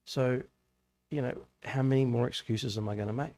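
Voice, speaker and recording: In a church hall, a man preaches casually to a youth group in a mid-range, steady, slightly mellow voice at a moderate pace. His conversational talk mixes stories with rhetorical questions.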